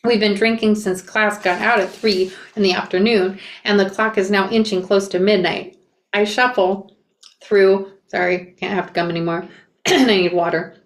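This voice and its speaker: A woman reading a memoir aloud and breaking off for quick asides and self-corrections. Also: medium pitch, fairly even intonation. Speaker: reader reacting to a memoir. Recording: roomy echo.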